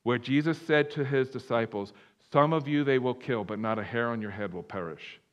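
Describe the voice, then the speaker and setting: A man preaching a sermon, animated, swinging from loud emphatic bursts to hushed low passages, with many restarts. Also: moderate pace. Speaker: pastor. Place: church room.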